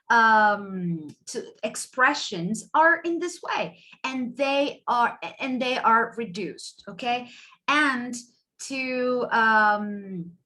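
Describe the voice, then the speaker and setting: Casting: female english teacher from spain, slow deliberate delivery, bright, chatty, keeps asking "okay?". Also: a little high. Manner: chatty, checks in with students often. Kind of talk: online class lecture.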